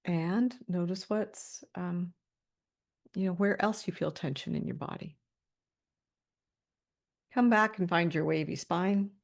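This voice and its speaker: This webinar presenter, a woman on a video call, leads listeners through posture and breathing cues in a guided body-awareness session, calm and with soft laughs between steps. Her voice sits on the low side, creaky and slow, broken by frequent pauses.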